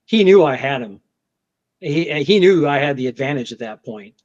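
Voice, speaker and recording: Telling a confrontation story at normal speed, a federal agent with a fairly high voice speaks casually and with energy. He repeats words, restarts frequently, and voices the shouted lines, on dull lo-fi podcast audio.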